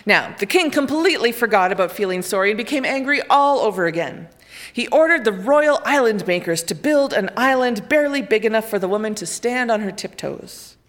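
A woman narrates a children's fairy tale aloud, with expressive, lively storybook delivery. Her voice sits in a mid range. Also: a little high, fairly quick. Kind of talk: reading a children's picture book aloud.

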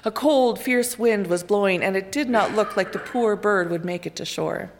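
A woman's voice: mid-range voice, moderate pace, a little hiss or hum. Woman reading a children's story aloud. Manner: expressive, lively storybook narration.

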